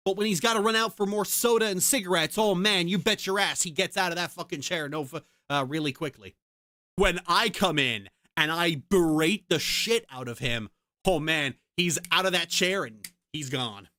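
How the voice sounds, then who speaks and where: A woman's voice: deep voice, moderate pace, a bit bright, dry recording, clean studio sound. A woman streamer in casual chat, ranting heatedly and swearing a lot.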